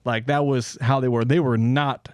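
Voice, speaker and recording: A man's voice: medium pitch, fairly even intonation, normal speed, clean tone, no echo. A man hosting a podcast, telling a story in casual chat, laughing often, swearing and joking around.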